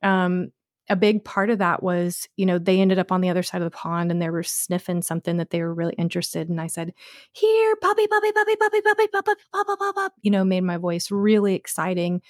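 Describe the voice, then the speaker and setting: A woman co-hosting a podcast as a dog trainer, telling stories in a casual, expressive way. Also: fairly low pitch, fairly quick, dry recording, clean studio sound. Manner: expressive, storytelling with voiced puppy calls.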